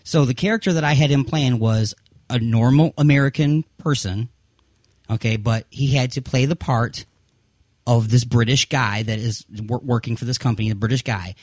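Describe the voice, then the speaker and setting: A man's voice: medium pitch, moderate pace, darkish tone, no echo, studio quality. A man hosting an interview show, chatting casually and putting on silly voices in passing. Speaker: interview host and indie filmmaker.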